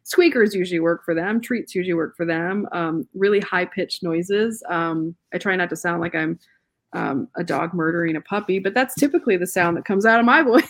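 A woman's voice: on the low side, brisk. A woman guest, a pet photographer, chatting casually in an interview, laughing often and trailing off mid-sentence.

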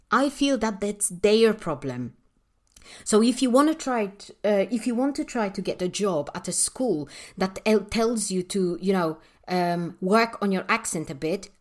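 Polish-accented woman, teacher trainer, passionate podcast rant, very animated pitch. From Poland. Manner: passionate, emphatic, rhetorical questions.

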